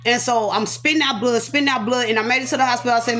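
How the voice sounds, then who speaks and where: A woman's voice: on the high side, racing, hardly any pauses. Dramatic woman telling her own story. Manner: animated, dramatic storyteller voicing sound effects and repetitions; casual, talks aside to her children. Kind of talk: emotional personal testimony.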